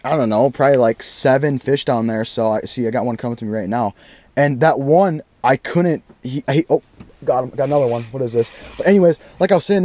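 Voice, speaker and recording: A young man talks into an action camera out on the ice, narrating each bite. He sounds excitable and slangy and keeps bursting into loud exclamations. His voice sits at an ordinary middle pitch for a man. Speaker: fishing vlogger. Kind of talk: excited play-by-play while fishing. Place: ice fishing on a frozen lake in deep cold.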